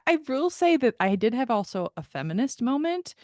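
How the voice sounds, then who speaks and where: A woman's voice: on the high side, very animated, normal speed, dark tone, no room sound, studio quality. A woman co-hosting a podcast, telling a story in casual chat with lots of laughter, acted-out quotes and swearing. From American Midwest. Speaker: podcast co-host.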